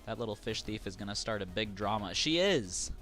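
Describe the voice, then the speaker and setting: A man's voice: lowish voice, flat delivery, fast, a bit bright, soft background music. A man streaming a video game live, reading the on-screen text aloud between casual asides to his viewers. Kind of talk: live gameplay commentary.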